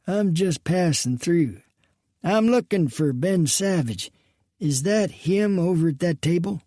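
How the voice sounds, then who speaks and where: A man's voice: sits high, lively intonation, slow pace, dark tone, dry recording, studio quality, voice pushed up. A man voicing a polite, wary, gray-haired older gunman in an audiobook western.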